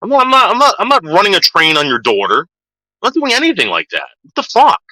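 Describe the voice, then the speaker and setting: A man's voice: high voice, wildly swooping pitch, fast, sharp tone, no echo, rough recording. A man ranting on a livestream, swearing heavily and repeating himself as he gets worked up. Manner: profane, agitated, repeats himself. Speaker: livestream host.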